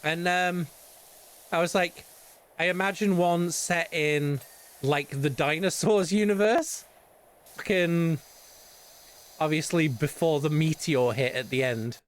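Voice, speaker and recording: A man's voice: on the high side, slow, long pauses. A British man streaming casual chat, rambling and swearing often between laughs.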